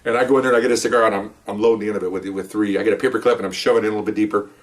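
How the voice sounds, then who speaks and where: An older man, a retired police officer, telling stories in a casual, animated way, often checking in with "okay?" and restarting his sentences. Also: lowish voice, rapid-fire, far from the mic. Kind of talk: casual anecdotal storytelling.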